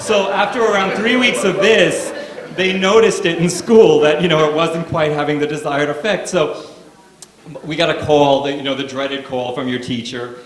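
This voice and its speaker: A male stand-up comedian telling family stories in a wry, loose, casually profane manner. His voice sits a little high for a man and rings out in a roomy space. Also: fairly even intonation, moderate pace, a little hiss or hum.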